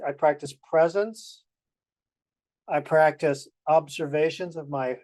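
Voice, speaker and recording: Earnest man with a higher voice sharing reflectively. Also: darkish tone, no room sound. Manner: earnest, reflective, slows down on key phrases. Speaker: practice group participant. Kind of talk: personal sharing in a practice group.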